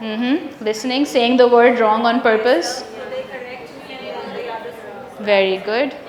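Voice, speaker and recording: A woman's voice: on the high side, slow pace, crowd noise. A woman leading an interactive teacher training workshop, asking the room questions and confirming their answers. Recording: echoey room with long reverb.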